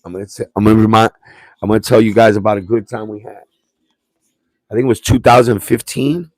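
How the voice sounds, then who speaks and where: Dry, streetwise Puerto Rican-born storyteller. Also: male voice, on the low side, fairly even intonation, quick pace, no echo. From Puerto Rico. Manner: rambling, streetwise, with restarts and slang. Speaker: livestream host. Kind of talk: casual livestream storytelling.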